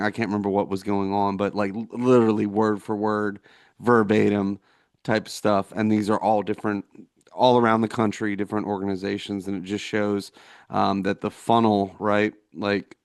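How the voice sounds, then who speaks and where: A man co-hosting a casual discussion podcast, speaking haltingly with many fillers and restarts. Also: fairly low pitch, dry recording, clean studio sound. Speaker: podcast co-host.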